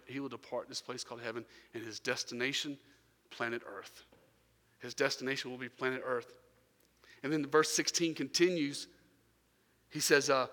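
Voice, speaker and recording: Bright-voiced preacher in a reverberant hall. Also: male voice, medium pitch. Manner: storytelling preacher, swings from quiet to loud bursts. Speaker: pastor. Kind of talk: sermon.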